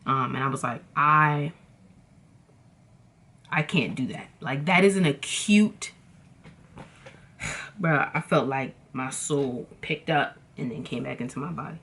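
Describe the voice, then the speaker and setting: A young woman tells a storytime to her viewers in a casual chat. She is animated and dramatic, leans on slang and calls her audience y'all. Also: a bass voice, unhurried, gravelly, husky. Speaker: vlogger.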